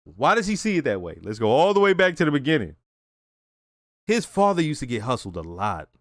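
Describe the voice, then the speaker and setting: A man's voice: mid-range voice, wildly swooping pitch, a little fast, no room sound, clean studio sound. A man hosting a reaction video, casually reviewing a TV episode in a loose, profane, conversational way.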